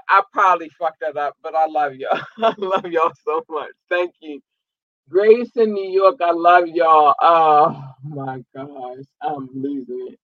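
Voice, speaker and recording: A man from Maryland hosting a livestream, giving casual, effusive shout-outs to his listeners and often breaking into excited shouts. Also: high-pitched, dry recording, dull audio. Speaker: livestream host.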